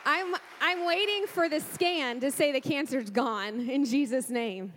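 A woman's voice: sits high, unhurried, fairly bright tone, long reverb tail, a faint crowd, slight background noise. A woman pastor preaching a sermon in a church, fervent and emotional, sighing and repeating her praise. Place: church sanctuary.

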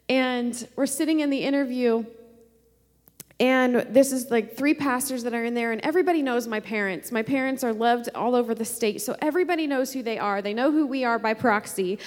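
A woman pastor in her thirties sharing an emotional personal testimony in a sermon, often quoting others in a softer voice. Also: on the high side, long reverb tail.

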